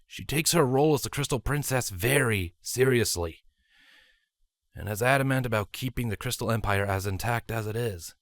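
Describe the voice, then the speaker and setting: A man voicing a serious young prince who explains things in a measured, sighing way. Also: medium pitch, a bit bright, dry recording, studio quality, close to an everyday voice. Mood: earnest. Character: earnest young male prince, weary and serious.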